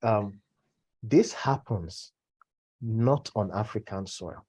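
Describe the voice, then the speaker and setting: A man hosting an interview and speaking in measured, deliberate phrases. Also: fairly low pitch, dark tone, breathy edge. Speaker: interview host. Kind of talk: casual conversation.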